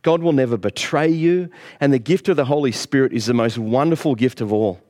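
A man's voice: medium pitch, a little fast, a little mellow. Middle-aged man, pastor, preaching with earnest, rising emphasis. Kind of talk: sermon.

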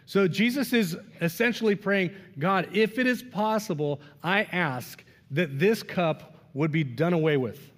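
A man preaching a sermon in an earnest way, moving from strong emphasis to hushed, quiet lines. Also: sits high, measured pace, few pauses. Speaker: pastor. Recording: long reverb of a large room.

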